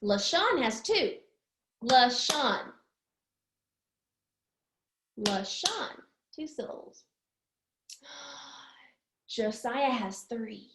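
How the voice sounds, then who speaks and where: A woman teaching young children a lesson, slowly stretching words out syllable by syllable. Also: high-pitched, big pitch swings, echoey room, noisy background. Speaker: preschool teacher.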